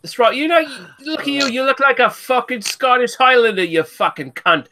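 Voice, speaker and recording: A man doing a pompous upper-class snob, raised well above his usual voice, bright and cutting. He sneers, swears and throws insults with haughty disdain, heard over an online video call. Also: very high-pitched, normal speed, slight background noise, pitched above the performer's own voice, full character voice. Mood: sneering.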